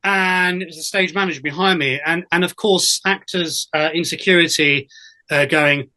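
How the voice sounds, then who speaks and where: Bright-voiced chatty actor, a man. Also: a little high, fairly even intonation, moderate pace. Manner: chatty storyteller with many fillers and restarts. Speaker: guest, actor and voiceover artist. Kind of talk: casual interview anecdotes.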